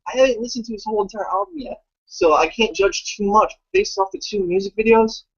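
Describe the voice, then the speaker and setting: A man talking in a casual, rambling way, animated and profane, with lots of fillers. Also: high voice, a little fast, breathy edge. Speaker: guest commentator. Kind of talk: casual chat. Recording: dull lo-fi audio.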